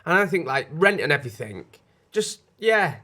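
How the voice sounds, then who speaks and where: A man's voice: on the high side, very animated, normal speed, sharp tone. Teasing man. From northern England. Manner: teasing, blunt banter. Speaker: podcast co-host. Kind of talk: casual comic podcast chat.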